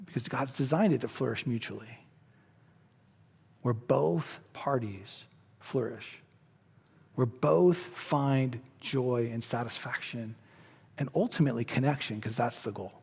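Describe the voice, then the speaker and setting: A man's voice: medium pitch, measured pace, creaky, long pauses, slightly rough. Man preaching casually in a reverberant church. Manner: casual, joking preaching with animated asides. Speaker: pastor. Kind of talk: sermon. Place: church sanctuary. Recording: long church-hall reverb.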